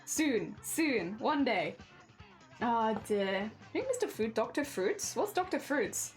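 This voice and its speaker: A woman's voice: a little high, sing-song, slow pace, soft background music. A young woman, chatting casually on a live stream, reading and answering chat with frequent laughs.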